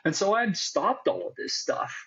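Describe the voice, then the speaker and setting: A man's voice: high-pitched, moderate pace, gravelly, bright, forceful tone, muffled recording. A man telling his own story as an interview guest, candid and reflective, often adding "like" and "right?". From United States. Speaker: guest, psychiatric pharmacist.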